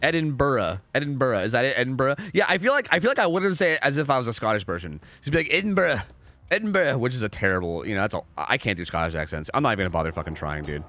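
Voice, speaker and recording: A man's voice: on the low side, sing-song, racing, few pauses, bright, forceful tone, faint music behind. A young man casually commentating a game live on stream, rambling, repeating himself and swearing freely.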